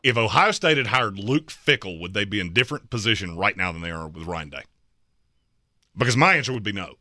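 A man co-hosting a sports talk show, debating coaches in an emphatic, opinionated way with quick jokes. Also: on the low side, animated, pushed and bright, no echo, clean studio sound. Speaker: sports podcast co-host.

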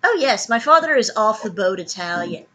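A woman's voice: mid-range voice, sing-song, a bit bright. A woman co-hosting a podcast, making dry, wry remarks in casual chat. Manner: dry, wry, unhurried quips. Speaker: podcast co-host.

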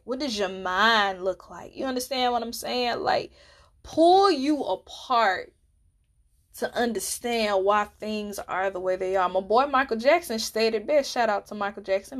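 A woman podcast host, talking in an earnest, emotional way that often drops almost to a whisper. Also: fairly high pitch. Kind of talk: reflective monologue.

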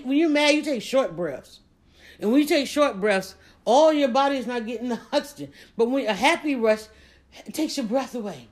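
Woman podcast host, energetic motivational monologue, speaking directly to her audience. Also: a little high. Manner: energetic, preachy, talks straight to listeners.

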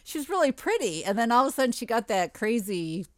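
A woman's voice: a little high, sing-song, fast, dry recording, clean studio sound. A middle-aged woman co-hosting a podcast, chatting casually and giggling often. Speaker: podcast co-host. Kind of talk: casual chat.

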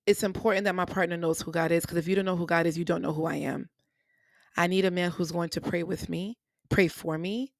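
A woman with a lowish voice hosts a personal faith podcast, speaking earnestly and emotionally. She repeats phrases for emphasis, and her speech has features. The sound is dry and close, with no room echo. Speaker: podcast host. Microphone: podcast microphone.

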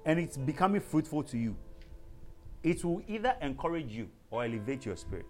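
Animated preacher man with lively pitch. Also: brisk, soft background music. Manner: animated, calls to the congregation, bursts into speaking in tongues. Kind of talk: teaching sermon.

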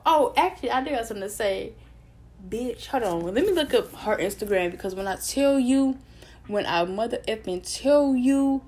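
A woman ranting, profane and animated, rambling with lots of fillers and self-interruptions. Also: mid-range voice. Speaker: vlogger. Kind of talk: casual opinion rant to camera.

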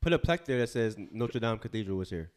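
A man's voice: on the low side, expressive, fast, clear, resonant tone. A man co-hosting a podcast in casual chat, wisecracking with mock outrage and laughing at his own jokes. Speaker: podcast co-host.

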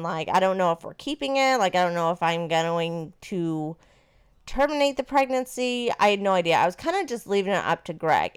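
A woman in her thirties casually telling a personal story to her partner, animated and swearing freely. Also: medium pitch, smooth.

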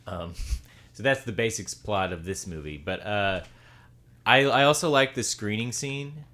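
A man's voice: fairly low pitch, unhurried, sharp tone. A man with a Southern US accent hosting a casual film discussion, meandering and often restarting his sentences.

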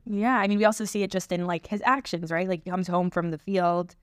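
A woman's voice: fairly low pitch, fairly even intonation, brisk, smooth, no echo, clean studio sound. Playful woman co-hosting a podcast. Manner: playful, joking, with frequent fillers. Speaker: podcast co-host. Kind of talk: casual chat about scripture.

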